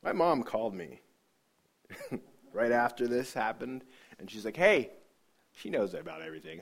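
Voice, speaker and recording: A man tells an emotional personal testimony in an earnest, heartfelt way. His voice sits at an ordinary middle pitch, and he often drops to a soft hush and trips over his own phrases. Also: very animated, moderate pace, vocal fry, long pauses, slightly rough. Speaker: speaker giving a personal testimony.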